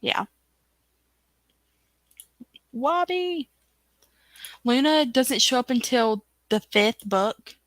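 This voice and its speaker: A woman's voice: fairly high pitch, unhurried, few pauses, fairly bright tone, no room sound. A woman hosting a casual livestream chat, reading viewer comments aloud in a chatty way. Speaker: book club host.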